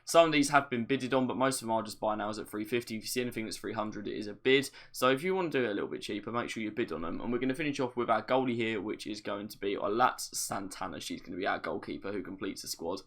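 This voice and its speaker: A young man talks through a game tutorial in a relaxed, chatty way, explaining each step plainly. His voice sits on the low side and has a gravelly, fried edge. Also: fast, hardly any pauses. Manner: chatty, explains steps plainly, light self-deprecating asides. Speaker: gaming video creator. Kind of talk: casual gameplay tutorial commentary.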